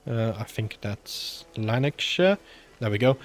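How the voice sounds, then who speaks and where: A British man of ordinary, mid-range pitch talks through his strategy game in an easygoing, musing way. He fills his pauses with soft "uh" sounds. He is a little under the weather and now and then clears his throat. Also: dry recording. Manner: relaxed, musing, frequent "uh" fillers. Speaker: gaming channel host. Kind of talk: casual let's-play commentary.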